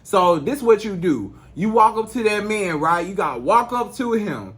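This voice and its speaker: His voice is high, animated, and a bit bright, moving at a normal pace. The man takes on a dating coach role, talking straight into the camera with slangy, emphatic advice that repeats itself.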